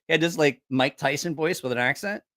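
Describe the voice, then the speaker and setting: A man casually telling profane, animated stories, acting out other people's voices. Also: fairly high pitch, a little fast. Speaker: host. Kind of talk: casual storytelling.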